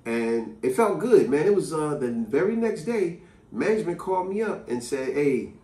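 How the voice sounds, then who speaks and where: A man vlogger tells a story in an emphatic, chatty way. His voice rises and falls with feeling and sits a little high for a man. The sound is roomy and distant. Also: moderate pace. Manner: animated, emphatic, conversational. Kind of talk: storytelling to camera. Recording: echoey room, distant mic.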